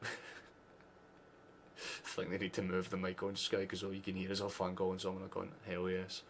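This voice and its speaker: A man's voice: deep voice, monotone, a little fast, gravelly, slight background noise. A Scottish man hosting a live football watchalong, chatting casually with sarcastic asides and frequent swearing. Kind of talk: casual live match chat.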